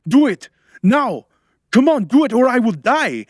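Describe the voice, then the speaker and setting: A man's voice: on the low side, normal speed, a little mellow, no room sound, lightly acted. A man voicing a grave, determined man in an audiobook, giving urgent commands close to his own voice. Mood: frantic.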